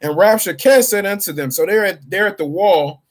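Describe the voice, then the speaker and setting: A man's voice: high voice, normal speed. A man reading scripture aloud and paraphrasing it in casual, slangy street talk as a bible teacher. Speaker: street preacher.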